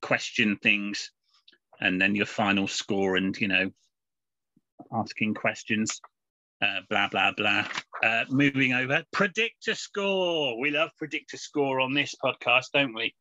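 Rambling chatty podcast man, bright voice. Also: lowish voice, steady tone, measured pace, no room sound. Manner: rambling, chatty, many fillers and restarts. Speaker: podcast co-host. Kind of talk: casual chat reviewing comics. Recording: dull lo-fi podcast audio.

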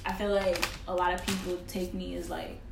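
A woman's voice: lowish voice, little pitch movement, fairly quick, vocal fry. Blunt slangy young woman, off-mic. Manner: blunt, slangy, swears freely. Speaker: podcast co-host. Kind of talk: casual chat. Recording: distant mic in an echoey room with noise.

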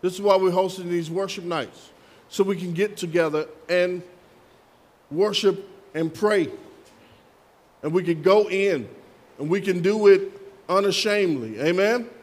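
A man's voice: high voice, unhurried, long pauses. A man preaching a sermon as pastor, calling out to the congregation for responses and slipping in playful asides.

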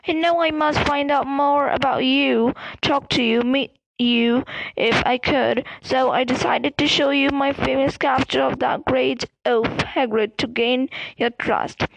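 A woman voicing a calm, manipulative young male wizard in a storybook reading, speaking softly and slowly with quiet menace. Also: high voice, creaky, no room sound, low-quality recording. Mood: calm menacing. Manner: soft, calm, slow and pleasant with menace.

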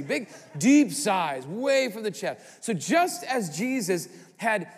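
A man in his thirties preaching a sermon as pastor, moving from quiet asides to sudden exclaimed questions. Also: sits high. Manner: animated, swings from quiet to exclaiming. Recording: long hall reverb.

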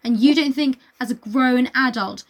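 A woman's voice: high voice, normal speed. A woman chatting on a podcast about a book, joking and indignant and swearing freely. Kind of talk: casual book discussion.

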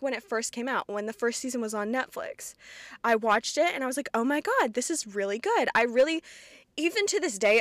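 With a fairly high, fairly bright voice in a studio recording free of room sound, a twenty-year-old rural Kentucky woman hosts her podcast. Her chatty, rambling monologue is peppered with swearing and self-deprecation.

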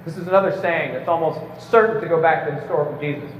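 In an echoey hall picked up by a distant mic, a man lectures very fast at a fairly high pitch, giving a prepared debate speech with emphasis to a live crowd. Occasional stumbles and light jokes come through, and the slightly dull audio carries a little hiss or hum.

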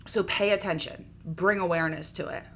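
A woman's voice: lowish voice, fairly even intonation, brisk, fairly bright tone, a little hiss or hum. A woman, about in her thirties, giving casual self-help advice straight to the listener, frank and swearing now and then. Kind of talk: direct-to-camera advice talk.

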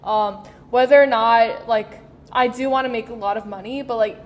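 A woman's voice: fairly high pitch, fairly even intonation, moderate pace, big-room sound, slight background noise. A teenage girl co-hosting a student podcast in casual chat, talking with many "like" fillers. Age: teens. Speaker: podcast co-host.

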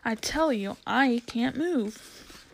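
A woman's voice: on the high side, animated, slow, gravelly, full character voice. A woman reading as a weary young boy. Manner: plain, blunt questions. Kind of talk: storybook reading.

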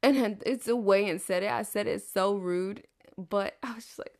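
A woman's voice: medium pitch, normal speed, gravelly. A young adult woman from the American South telling a rambling story in a chatty monologue, swearing freely and laughing often. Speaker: podcast host.

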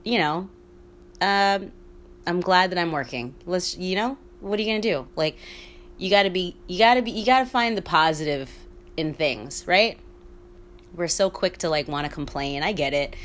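Low-voiced woman half-whispering a chatty podcast. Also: normal speed, a bit bright. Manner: candid, chatty, swears freely, laughs often. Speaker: podcast host. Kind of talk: casual solo podcast monologue.

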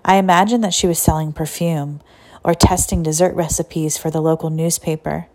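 A woman's voice: sits low, fairly even intonation, moderate pace, a little mellow. Woman reading a story aloud. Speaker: audiobook narrator. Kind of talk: scripted storybook narration.

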